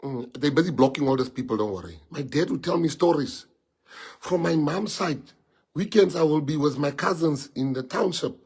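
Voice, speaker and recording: A South African man whose first language is Afrikaans speaks in a slightly raised, husky voice. He addresses party members in an impassioned livestream, rambling from point to point and stacking up rhetorical questions. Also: fairly high pitch, lively intonation, normal speed, darkish tone.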